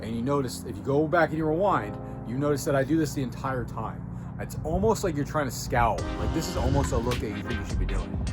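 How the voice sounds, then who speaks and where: A man hosting a self-improvement video, coaching the viewer in a blunt, direct way and often checking in with "okay?" and "right?". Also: mid-range voice. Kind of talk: casual coaching talk to camera. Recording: music playing clearly behind him.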